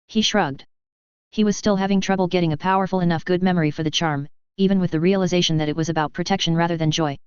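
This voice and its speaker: A woman's voice: lowish voice, fast, darkish tone, smooth, dry recording. A woman narrating a first-person fan fiction audiobook with wry, dry storytelling. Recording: dull lo-fi recording.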